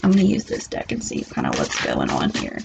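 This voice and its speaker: A woman's voice: very deep voice, huge pitch swings, brisk, creaky, background noise. A woman giving a casual tarot reading, blunt and rambling, often restarting and laughing. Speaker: tarot reader. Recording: muffled lo-fi recording.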